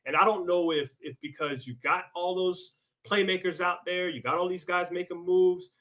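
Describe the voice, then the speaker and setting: A man's voice: high voice, fairly even intonation, normal speed, a bit bright. A man co-hosting a football podcast, talking casually and emphatically, often repeating himself. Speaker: podcast co-host. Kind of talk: casual football scouting talk.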